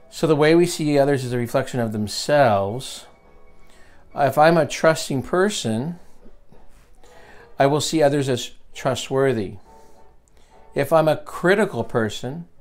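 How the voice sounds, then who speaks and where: Man, seminar host, emphatic teaching voice, repeats key lines, mid pitch, faint music behind. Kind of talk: virtual leadership seminar reading from a book.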